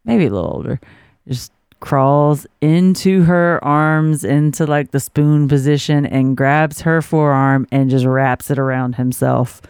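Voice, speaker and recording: A young woman co-hosting a casual chat, chatty and quick to laugh as she tells stories. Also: sits low, steady tone, darkish tone, smooth, no room sound, clean studio sound. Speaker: podcast co-host.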